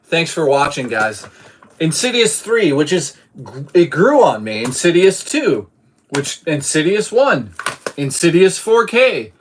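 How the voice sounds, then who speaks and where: A man's voice: a little high, big pitch swings, slow pace, slight background noise. A man from Boston streaming live, chatting casually about his movie collection and reading out chat messages, swearing now and then.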